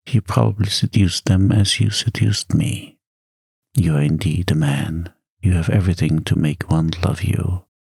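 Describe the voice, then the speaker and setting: A man voicing a lovelorn, pleading young wife in a soft-spoken storybook reading. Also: low-pitched, gravelly, breathy edge, no room sound, heavily acted.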